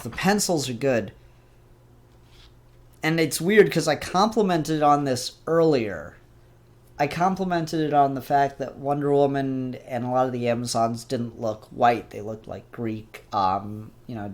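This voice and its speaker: Chatty young man reviewing comics. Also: medium pitch. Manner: rambling, chatty and upbeat. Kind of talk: casual spoken review.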